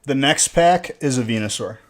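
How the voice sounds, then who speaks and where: A young man chats loosely as he hosts a live stream, rambling from one thought to the next and ribbing his viewers about their spelling. His voice sits at an ordinary mid pitch for a man, and he is alone in a room as he talks. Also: lively intonation, normal speed. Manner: rambling and teasing, talking to chat. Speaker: live stream host opening card packs. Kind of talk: casual live stream chat.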